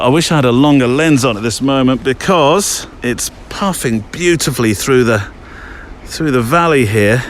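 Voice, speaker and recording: A man's voice: mid-range voice, a little hiss or hum. A man hosting a podcast while walking outdoors through woodland, talking in a casual, rambling way with lots of fillers. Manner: chatty, rambling with many fillers. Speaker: podcast host.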